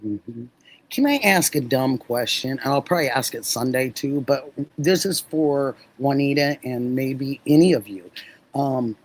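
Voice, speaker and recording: A woman's voice: a bass voice, a little mellow, slightly rough, rough recording. Middle-aged woman chatting on her livestream, super talkative, laughing a lot, thanking viewers. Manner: chatty, effusive, laughs often. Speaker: livestream host. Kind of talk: casual chat with live viewers.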